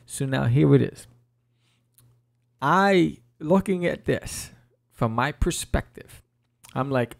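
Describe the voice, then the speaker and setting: Gravelly, laid-back male podcast host. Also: mid-range voice, animated, a little slow. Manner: laid-back, joking, slangy. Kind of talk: casual comic read-through.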